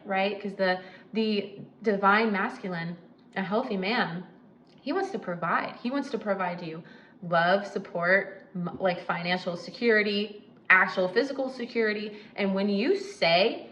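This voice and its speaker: A chatty woman hosts a casual advice talk at a middle pitch, speaking emphatically and breaking into asides as she goes. A faint hiss of background noise sits under her voice. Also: moderate pace, a bit bright, echoey room, rough recording. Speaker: host.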